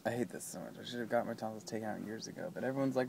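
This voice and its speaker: A man's voice: mid-range voice, very fast, creaky, background noise. Sick man rambling jokes in half-whispers. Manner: joking deadpan asides, drifting into whispers. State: sore infected throat. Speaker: vlogger. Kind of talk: rambling comic vlog. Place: waiting outside an animal hospital.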